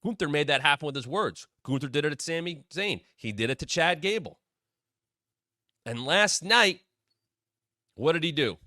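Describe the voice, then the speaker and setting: A man's voice: a little high, expressive, moderate pace, long pauses, bright, forceful tone, dry recording, clean studio sound. A man hosting a wrestling podcast, talking in a blunt, opinionated way with casual swearing. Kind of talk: opinionated commentary.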